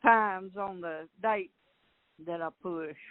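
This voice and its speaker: A woman with a Southern US accent calls in to a radio show. She speaks haltingly, with fillers. Her voice comes over a dry, narrow phone line. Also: lowish voice, no room sound. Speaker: caller.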